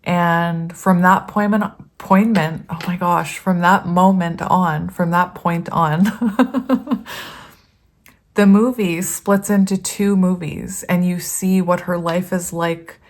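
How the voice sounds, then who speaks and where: A woman's voice: fairly low pitch, fairly even intonation, slow pace. A woman giving a casual tarot reading to her viewers, chatty and rambling, often laughing and reading card meanings aloud. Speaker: tarot reader.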